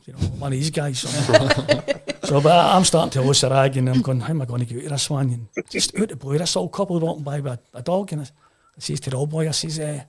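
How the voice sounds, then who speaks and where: A Glaswegian man telling a lively story in casual pub chat, acting out the voices of the people in it. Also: fairly high pitch, quick pace, slightly rough. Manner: animated storyteller, acts out voices.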